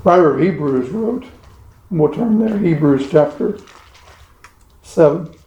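Slow, high-voiced male preacher. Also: animated, dark tone, echoey room. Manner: slow, measured preaching with heavy pauses and emphatic phrasing. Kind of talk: sermon.

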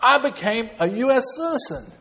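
Preacher putting on a cheery older British man, pitched way up, animated. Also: rapid-fire. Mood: cheerful.

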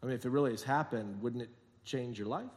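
A man preaching a sermon as pastor, telling jokey stories and acting out quotes, moving between quiet asides and emphatic points. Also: mid-range voice, fast. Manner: jokey, sarcastic storytelling with acted-out quotes. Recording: long hall reverb.

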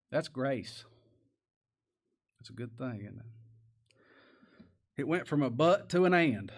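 A man preaching a sermon, folksy and plain-spoken, asking the congregation rhetorical questions and reading scripture aloud. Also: mid-range voice. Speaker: pastor.

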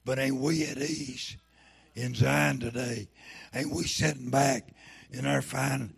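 Gravelly slow preacher man. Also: medium pitch, steady tone. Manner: preaching with fervent interjections. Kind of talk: sermon.

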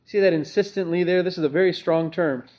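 A man's voice: high-pitched, fairly even intonation, fast talker, darkish tone, muffled recording. A man preaching an expository sermon, earnest and emphatic, often asking rhetorical questions. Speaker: pastor.

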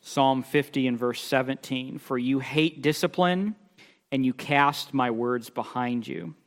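Slow-preaching man in a reverberant hall. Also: medium pitch. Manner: emphatic, rising and falling in loudness, reads scripture aloud. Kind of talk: sermon.

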